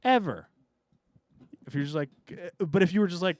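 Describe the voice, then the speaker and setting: A man's voice: sits high, normal speed, dry recording. A man co-hosting a podcast, ranting sarcastically and swearing freely. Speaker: podcast co-host. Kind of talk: casual chat.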